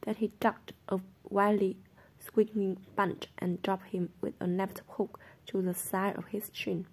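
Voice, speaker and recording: Woman, audiobook reader, mellow tone, flat even delivery. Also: mid-range voice, unhurried, slightly rough. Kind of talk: reading a novel aloud.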